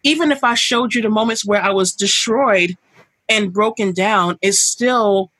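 Woman podcast guest, emphatic and animated, bright and husky, dry close sound. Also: medium pitch, a little slow, no echo. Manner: emphatic and animated, with many fillers. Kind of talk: candid conversational interview.

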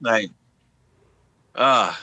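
A man's voice: lowish voice, very slow, sharp tone, no echo. A man co-hosting a casual chat, talking animatedly with heavy slang and profanity.

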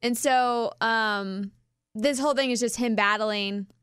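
A woman's voice: fairly high pitch, fairly even intonation, unhurried, a bit bright, clean tone, dry recording, studio quality. A woman filling in as co-host in casual chat, rambling and chatty. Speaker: fill-in co-host.

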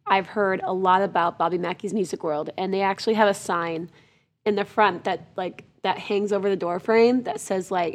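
A woman co-hosts a casual podcast, chatting and reading listener stories aloud. Her voice sits in a middle pitch, and she reacts readily with sympathetic little sounds. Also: steady tone, normal speed. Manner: chatty, reacts warmly with gasps and aws. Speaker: podcast co-host.

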